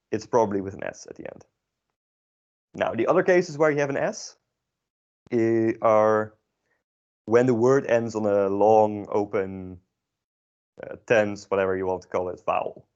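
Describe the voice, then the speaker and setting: A man's voice: on the low side, moderate pace, long pauses, darkish tone. A young man who speaks Dutch natively, explaining grammar in a casual classroom lesson, hesitant and full of fillers and self-corrections. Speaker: Dutch language teacher. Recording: dull lo-fi classroom recording.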